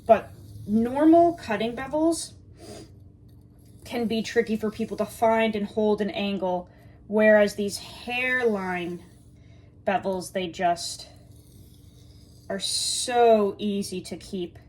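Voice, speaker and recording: A woman's voice: mid-range voice, takes it slowly, long pauses, a little mellow. Chatty woman talking to viewers. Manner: chatty and joking, addresses viewers as guys. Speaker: knife reviewer. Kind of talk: casual chat with viewers.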